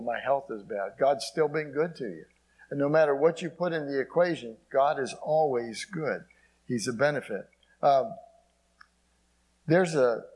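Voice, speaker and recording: A man's voice: mid-range voice, darkish tone, slightly rough, rough recording. A man preaching a sermon, quoting scripture and dropping in frequent amens. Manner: preaching with frequent "amen" asides and scripture quotes. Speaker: pastor.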